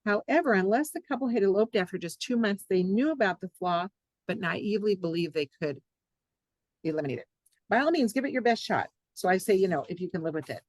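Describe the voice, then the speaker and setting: A woman psychologist and author, a guest on a podcast interview, telling jokes and reading from her own book in a playful, animated way. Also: mid-range voice, fairly quick, no room sound, low-quality recording.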